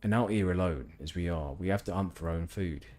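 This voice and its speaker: A man's voice: low voice, fairly quick, a little mellow, natural voice. A man voicing a hardy, weary camp hunter, reading in a matter-of-fact way.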